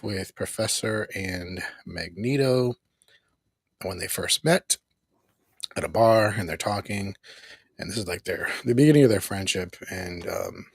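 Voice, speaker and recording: A man's voice: fairly low pitch, measured pace, no room sound. A man hosting a casual live review stream, easygoing, laughing often and acting out characters' lines as he recaps. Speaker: host reviewing a cartoon episode.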